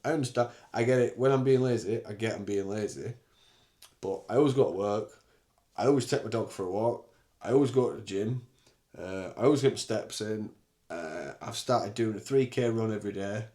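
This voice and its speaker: A man's voice: fairly low pitch, brisk, warm tone. Give me a young man in a casual solo podcast monologue, candid and blunt. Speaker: podcast host.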